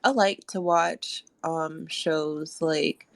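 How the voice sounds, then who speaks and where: Low-voiced woman hosting a discussion. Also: steady tone, extremely slow, no room sound. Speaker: host. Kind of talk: hosting a live audio chat discussion.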